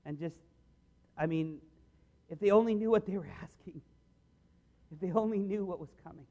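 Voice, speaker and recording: A man's voice: high-pitched, normal speed, dark tone. A man preaching a sermon in an earnest, conversational way, often restarting his sentences.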